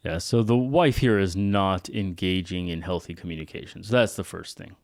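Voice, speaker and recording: A man's voice: sits low, normal speed, creaky, faint music behind. A man co-hosting a casual podcast, speaking frankly and with firm opinions, often checking in with "right?". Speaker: podcast co-host.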